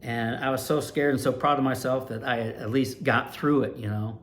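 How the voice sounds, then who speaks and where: A man in his sixties from Ohio, an animated storyteller recalling his years as a race announcer. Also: medium pitch, normal speed, a little hiss or hum. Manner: animated, lively storyteller with big swings in loudness. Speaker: retired dirt track race announcer, channel host.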